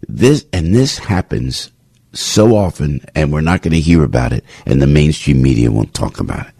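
Gravelly, dark and slightly rough, this older man's voice comes through clean studio sound with no room sound. He hosts a morning talk radio show in a New York accent, frank and rambling, restarting as he goes. He gets worked up, and his pitch keeps rising.

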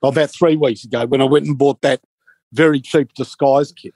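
A man co-hosting a casual talk show, telling an animated anecdote. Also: medium pitch, normal speed, no room sound. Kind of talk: casual chat, storytelling.

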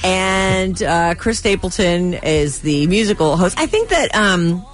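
A woman's voice: lowish voice, animated, a little slow, soft background music. A woman radio host chatting casually on air, recapping a comedy show with exasperated asides.

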